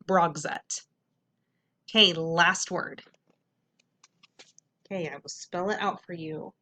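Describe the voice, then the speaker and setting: Lady teacher doing phonics with kids, slow sounding out of syllables, lots of repeating. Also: on the low side, fairly bright tone. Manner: patient, repetitive classroom drills.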